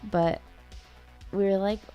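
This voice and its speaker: A woman's voice: medium pitch, steady tone, takes it slowly, clear, resonant tone, lo-fi sound, soft background music. A woman in casual chat, telling a story and laughing through it. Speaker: co-host, married to the other host.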